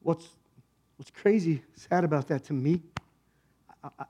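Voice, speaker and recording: High-voiced man preaching a lively sermon. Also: a little slow. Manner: animated, asks the congregation rhetorical questions. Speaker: pastor. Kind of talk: conversational sermon. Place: church, speaking to a congregation.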